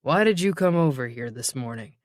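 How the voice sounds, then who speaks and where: A puffy middle-aged detective, voiced by the audiobook narrator, calm and courteous. He asks questions slowly and politely. Dry, close recording. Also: mid-range voice, no echo, lightly acted. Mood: probing.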